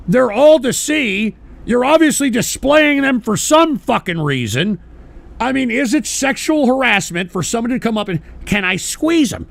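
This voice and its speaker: A man hosting a radio show, ranting angrily and profanely with bursts of shouting while he smokes. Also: very high voice, lively intonation, normal speed, creaky. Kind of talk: ranting monologue.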